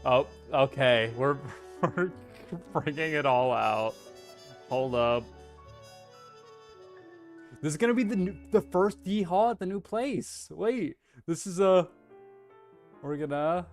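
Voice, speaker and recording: A man with a Texan accent chats loosely with his stream, goofy and hammy, cursing freely and breaking into big yeehaw whoops. His voice sits a touch higher than most men's. Faint music plays underneath. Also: animated, slow, long pauses. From Texas. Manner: playful, hammy, swears freely, bursts into loud yeehaw whoops. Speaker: VTuber streamer. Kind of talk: casual livestream chat.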